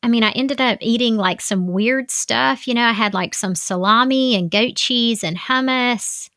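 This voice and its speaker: A woman's voice: on the high side, normal speed, a bit bright, no echo. Chatty woman life coach, dry sound. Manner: chatty, frequent "like" fillers. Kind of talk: casual self-help advice talk.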